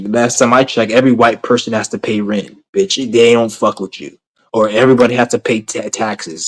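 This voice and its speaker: A man's voice: mid-range voice, rough recording. Guy going off on a vlog, mid-range voice, swears nonstop and circles back on himself, tablet mic. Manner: blunt, heated, rambling, swears constantly, repeats himself. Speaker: vlogger. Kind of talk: profane rant to camera.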